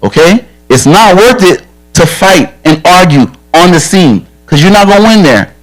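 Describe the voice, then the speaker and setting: A man's voice: high voice, lively intonation, normal speed, poor audio. A man who is a police officer, giving a direct, earnest safety talk to children at a church camp and telling stories from his own life. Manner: direct, earnest, frank storytelling.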